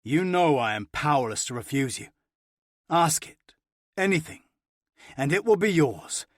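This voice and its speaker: A man voicing a confident, commanding adult male lover in an audiobook, with slow, teasing delivery. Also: on the high side, animated, dry recording, clean studio sound. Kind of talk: audiobook character voice.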